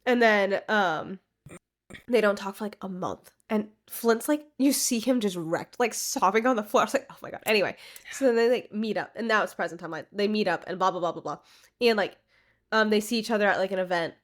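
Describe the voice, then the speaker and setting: A woman's voice: medium pitch, brisk. A woman co-hosting a podcast in casual chat, gushing about a story she loves, with lots of fillers and swearing. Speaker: podcast co-host.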